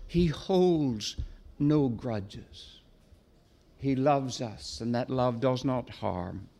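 A man preaching an expository sermon, deliberate and emphatic, slowing down to stress key phrases. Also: mid-range voice, expressive, vocal fry, warm tone.

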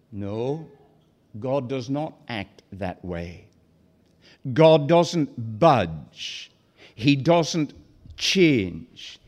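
Slow, emphatic, high-voiced male preacher. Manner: deliberate, emphatic, slows for key phrases. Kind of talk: expository sermon.

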